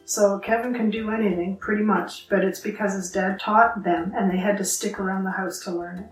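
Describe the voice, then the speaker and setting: A woman's voice: medium pitch, fairly even intonation, brisk, hardly any pauses, far from the mic. Older woman, wry and chatty, reading her own prose; roomy, off-mic sound with faint music. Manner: chatty, laughs easily, wry. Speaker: podcast guest and writer. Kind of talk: casual chat and reading her own writing aloud.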